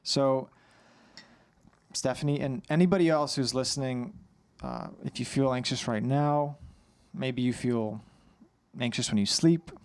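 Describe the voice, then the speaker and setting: Man coaching calmly on a live Q&A. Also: medium pitch, a little slow, clear, resonant tone. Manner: calm, guiding a breathing exercise. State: a little on edge. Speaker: anxiety coach. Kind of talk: live Q&A advice.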